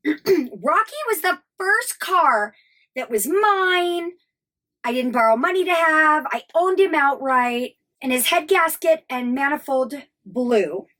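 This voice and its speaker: A woman's voice: high-pitched, expressive, slow, a bit bright. An American woman in her thirties telling a personal travel story, candid and emotional, swearing freely. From United States. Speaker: travel vlogger.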